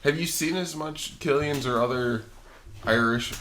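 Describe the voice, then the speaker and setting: A man's voice: mid-range voice, a little slow, a bit bright, slight background noise. A man who is a returning guest on a podcast, making dry, joking quips in casual chat.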